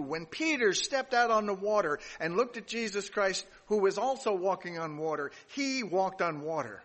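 A man's voice: sits high, animated, moderate pace, hardly any pauses, fairly bright tone, in a large hall. A man giving a sermon, reading scripture aloud and adding casual asides, with some restarts along the way. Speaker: pastor.

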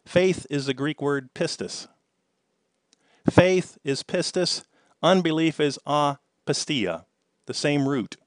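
A man preaching a sermon, swinging between loud emphatic lines and quiet ones, and telling a personal story in the middle. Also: a little high, lively intonation, measured pace, no room sound, studio quality. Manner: emphatic, rises and falls in loudness for effect.

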